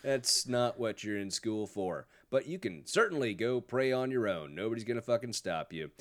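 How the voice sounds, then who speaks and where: A man's voice: mid-range voice, animated, normal speed, fairly bright tone. A man hosting a podcast, giving sarcastic, profane political commentary in a mocking tone. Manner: sarcastic, swears a lot, mocking. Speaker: podcast host.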